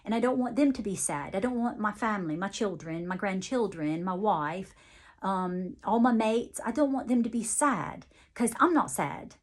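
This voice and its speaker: Halting, softly playful woman medium. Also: mid-range voice. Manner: halting, relays messages in first person with frequent restarts. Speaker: psychic medium. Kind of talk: channelled psychic reading monologue.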